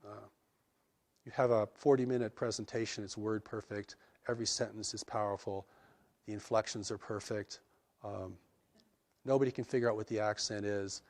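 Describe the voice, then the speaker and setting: Male interviewee, low-pitched, earnest and measured, reflective delivery. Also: steady tone, a little mellow. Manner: earnest, measured, with frequent restarts. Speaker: interviewee describing spiritual revelations.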